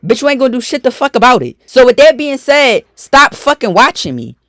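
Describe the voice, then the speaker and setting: A woman's voice: high-pitched, big pitch swings, a little fast, a bit bright, dry recording. Woman, youtube rant, confrontational, profane, dry room. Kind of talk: storytime rant to camera.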